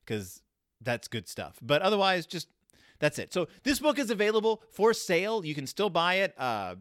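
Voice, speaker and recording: Animated, rambling sarcastic man. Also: moderate pace, dry recording, clean studio sound. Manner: rambling, sarcastic, animated swings in pitch and loudness. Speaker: podcast host reviewing children's books. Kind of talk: casual comedic monologue.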